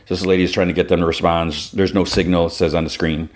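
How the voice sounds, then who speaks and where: A man with a very low voice retells a show's episode on his podcast. He talks loosely and casually, leaning on "like" as he goes. The tone is easygoing recap chat. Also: flat delivery, fast talker. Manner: loose storytelling with many "like" fillers. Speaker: podcast host.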